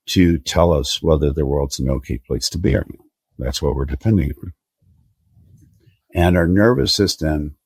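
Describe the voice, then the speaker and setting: Older man with a very deep, husky voice. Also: a little mellow, no echo. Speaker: therapist guest. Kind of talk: explanatory interview talk.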